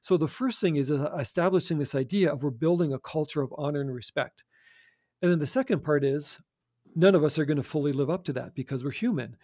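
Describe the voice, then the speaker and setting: A man's voice: on the high side, fairly quick, darkish tone, no room sound, studio quality. A man speaking earnestly about community and faith, often repeating words as he restarts. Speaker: guest. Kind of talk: conversational faith talk.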